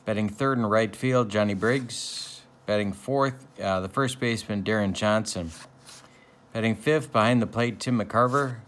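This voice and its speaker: A man hosting a tabletop baseball replay, narrating in a mock-serious sportscaster tone with deadpan jokes and a relaxed flow full of fillers. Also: lowish voice, measured pace. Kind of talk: play-by-play style narration of a tabletop game replay.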